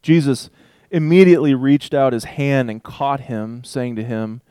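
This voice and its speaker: A man teaching a Bible passage in a relaxed, conversational way, reading verses aloud and thinking out loud with asides. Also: mid-range voice, measured pace, clean tone, no echo, studio quality. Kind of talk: casual Bible study talk with scripture reading.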